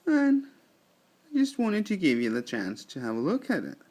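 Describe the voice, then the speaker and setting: A man giving a casual product review in a slow, deliberate way, thinking aloud with fillers. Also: sits high, huge pitch swings, a little mellow. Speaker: snuff reviewer.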